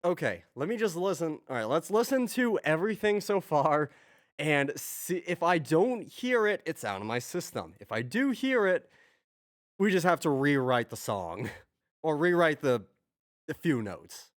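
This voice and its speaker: A man's voice: fairly high pitch, sing-song, a little slow, dry recording, studio quality. A man streaming as he writes music, talking casually to himself, muttering, trailing off and restarting his thoughts. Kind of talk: casual thinking aloud while working.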